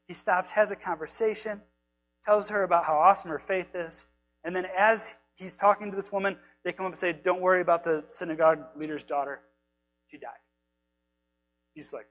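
A man preaching a casual, animated sermon, retelling scripture stories and acting out the quotes in a conversational way. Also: high-pitched, moderate pace, rough recording. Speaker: pastor.

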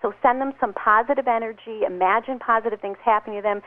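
A woman's voice: fairly high pitch, fast talker. A woman author giving upbeat advice in an interview, acting out little dialogues as she explains. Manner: upbeat, acts out quoted dialogue. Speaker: guest author. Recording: tinny phone line.

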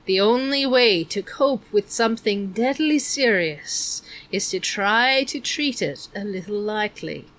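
A woman reading aloud, voicing a stern, mysterious old witch who speaks slowly and coldly. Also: mid-range voice, animated, a bit bright. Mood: solemn. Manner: slow, cold, deliberate.

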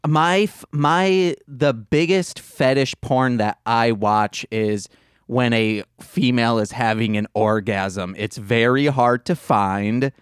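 A man's voice: mid-range voice, slow, smooth, no echo. Man, podcast co-host, casual chat, earnest, dry close sound.

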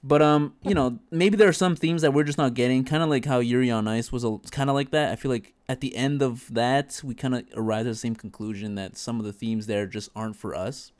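A man's voice: medium pitch, fairly even intonation, a little fast, hardly any pauses, darkish tone, clean tone. A man on a casual podcast chat, talking thoughtfully and hesitantly, with many "you know"s and restarts. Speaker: podcast co-host.

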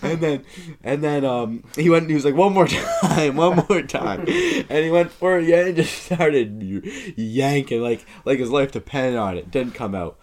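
A man's voice: medium pitch, normal speed, a little mellow. A young man on a podcast, telling a story in casual chat and laughing often. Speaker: podcast co-host.

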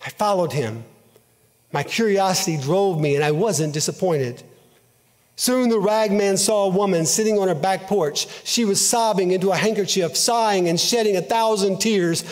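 A man giving an earnest, emotive dramatic reading of a story, in a measured way. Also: sits high. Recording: long hall reverb.

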